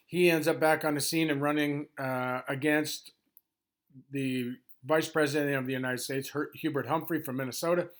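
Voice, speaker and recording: A man in his sixties with a gravelly voice, pitched a little high but held flat with little rise and fall. He hurries through an informal history overview, filling gaps with ums and restarting sentences as he goes. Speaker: history presenter.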